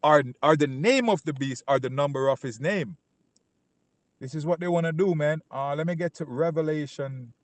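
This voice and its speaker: In Canada, a man with a higher-pitched voice gives an informal Bible teaching in a dry recording. He speaks emphatically, repeats himself, keeps asking "right?", and reads scripture slowly and loudly.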